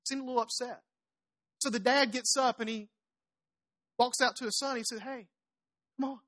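A woman preaching a sermon, retelling the story with animated storytelling, acting out the characters' lines and tossing chatty asides to the congregation. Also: on the high side, moderate pace.

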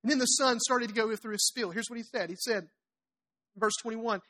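Woman preacher with a somewhat high voice, animated storyteller who acts out the characters' lines in her sermon. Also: normal speed. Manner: chatty asides to the congregation.

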